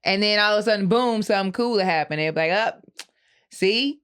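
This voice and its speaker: A woman co-hosting a casual podcast, her voice smooth and resonant at a middle pitch. She tells animated stories, laughs often and slips into quick put-on voices. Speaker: podcast co-host. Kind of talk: casual chat.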